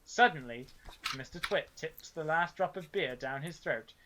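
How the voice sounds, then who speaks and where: A person reading a children's book aloud in a slow, measured way. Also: medium pitch, fairly bright tone, a little hiss or hum.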